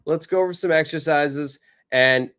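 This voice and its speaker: A man's voice: on the high side, normal speed, a bit bright, clear, resonant tone. A man teaching an online English lesson, greeting viewers by name and reading example dialogues aloud.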